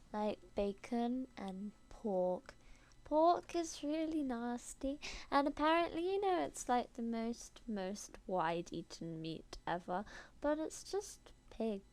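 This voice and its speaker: A woman's voice: on the high side, vocal fry, a little mellow. A woman with an English accent chatting casually in a rambling, giggly way, recorded on a built-in computer microphone. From England. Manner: rambling and chatty, full of "like" and "you know", giggly. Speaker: video blogger sending an audio message.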